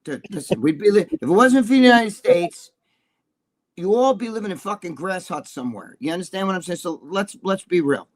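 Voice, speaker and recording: A man in his sixties rants on a talk show, swearing constantly and jumping from point to point. His voice sits notably high, and the sound is dry and close with no room echo. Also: expressive, a little fast. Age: 60s. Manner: profane, combative, rambling. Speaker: co-host. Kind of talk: heated political rant on a talk show.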